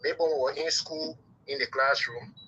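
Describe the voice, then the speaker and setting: A man phoning in to a radio show, explaining his points one by one in a measured way. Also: mid-range voice, fairly even intonation, pushed and bright, slight background noise. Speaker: caller. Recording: muffled phone line.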